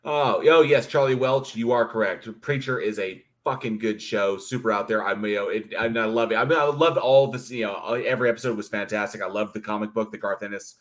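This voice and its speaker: A man's voice: lowish voice, brisk, few pauses. A man co-hosting a casual livestream, bluntly answering viewer chat and swearing freely. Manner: reads viewer chat aloud, blunt and profane. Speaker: livestream co-host.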